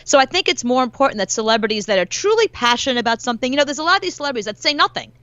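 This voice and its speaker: A celebrity journalist appears as a guest commentator in a casual interview, talking very fast in a high-pitched voice. She speaks animatedly and acts out quotes as she tells them. The audio is dull, with no room sound.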